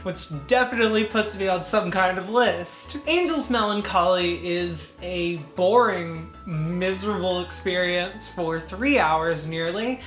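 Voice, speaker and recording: Brief: woman host, wry and crude horror reviewer, roomy echo with soft music under her. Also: fairly low pitch, measured pace, few pauses. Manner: sarcastic, profane, animated deadpan jokes. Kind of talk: comic movie review monologue. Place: home editing setup.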